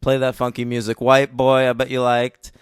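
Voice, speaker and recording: A man's voice: mid-range voice, completely flat delivery, normal speed, smooth, no room sound. A man co-hosting a casual movie review podcast, joking in a dry, sarcastic way. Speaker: podcast co-host. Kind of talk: casual film review chat.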